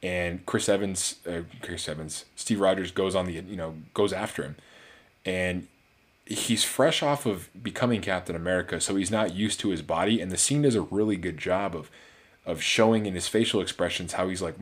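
Deep-voiced man rambling through a movie review. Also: brisk. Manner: rambling, relaxed, with many fillers and restarts.

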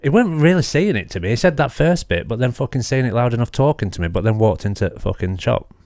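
A man, co-hosting a podcast and telling a story in a sweary, animated way. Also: medium pitch, fast, no echo, studio quality. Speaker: podcast co-host. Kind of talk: casual chat.

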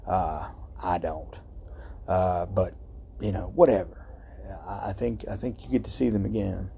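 A man's voice: sits low, fairly even intonation, unhurried, creaky, warm tone, a little hiss or hum. Heartfelt, cussing man outdoors. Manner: rambling, heartfelt, swears freely. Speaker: podcast host. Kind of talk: casual solo podcast monologue. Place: outdoors at night.

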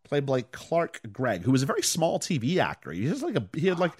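Guy on a podcast retelling a movie, lively up-and-down voice, dry sound. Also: on the high side, fairly quick, breathy edge, no room sound. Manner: animated storyteller, acts out lines and hums tunes. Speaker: podcast host. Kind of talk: casual chat recapping a film.

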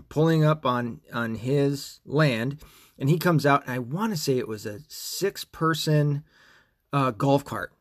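A man hosting a podcast, talking in a casual, rambling and profane rant. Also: mid-range voice. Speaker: podcast host. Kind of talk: casual monologue.

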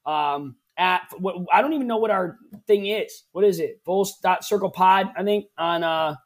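A man's voice: sits high, normal speed. Joking man teasing his co-host. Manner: joking, teasing, loose slang. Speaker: podcast co-host. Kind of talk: casual live-stream banter. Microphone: streaming from home on camera.

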